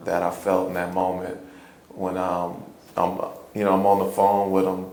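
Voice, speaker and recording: A man from Chicago, a hip-hop poet, telling a personal story in an interview, earnest and halting, often repeating words and breaking into laughter. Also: low voice, monotone, darkish tone. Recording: roomy echo, faint ambience.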